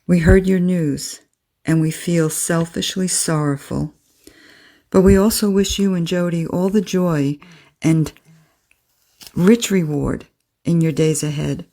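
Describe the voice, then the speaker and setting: Low-voiced woman reading a heartfelt letter. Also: dark tone. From United States. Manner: measured, earnest. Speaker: listener message reader.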